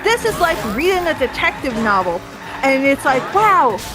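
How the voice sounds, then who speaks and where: A woman's voice: high-pitched, big pitch swings, moderate pace, music in the background. A woman co-hosting a casual drinking chat, ranting emphatically and swearing freely, slightly tipsy. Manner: emphatic, profane, rants with mocking put-on quotes. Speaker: podcast co-host. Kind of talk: casual chat about a video game.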